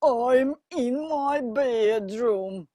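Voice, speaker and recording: A sly, hungry storybook wolf putting on a squeaky, sugary voice, as a woman acts him out. The words come slowly and deliberately, close to a dry mic. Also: mellow, no room sound. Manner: squeaky sweet put-on voice.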